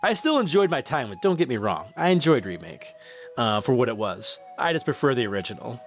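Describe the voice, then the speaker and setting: A man hosting a live game stream, casually chatting and reading viewer comments aloud, laughing often and stumbling over his words, his voice getting a bit hoarse. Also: medium pitch, big pitch swings, brisk, faint music behind. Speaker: streamer host reading chat.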